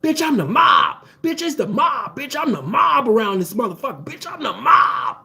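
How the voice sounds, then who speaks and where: A man voicing an enraged, boastful pimp who shouts threats. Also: very high-pitched, big pitch swings, normal speed, vocal fry, exaggerated voice. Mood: furious.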